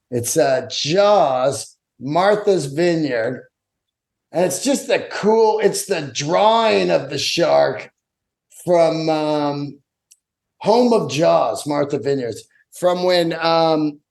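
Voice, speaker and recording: A man in his fifties, a stand-up comedian hosting his own podcast, telling stories in an excitable, profane, rambling way with many restarts. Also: mid-range voice, gravelly. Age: 50s. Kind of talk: casual solo podcast storytelling.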